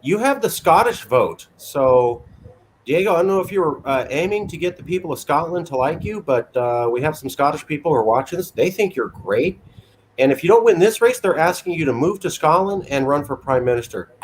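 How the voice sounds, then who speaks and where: A male host leads a casual interview. He jokes around and gives his opinions freely in a fairly high voice. Faint background noise runs under him. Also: animated, fairly quick. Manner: chatty, joking, opinionated.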